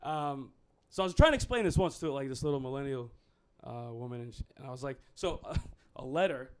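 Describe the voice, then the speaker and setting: A man's voice: mid-range voice, fast, a little mellow, smooth. A man doing a stand-up comedy set, rambling, profane and self-mocking.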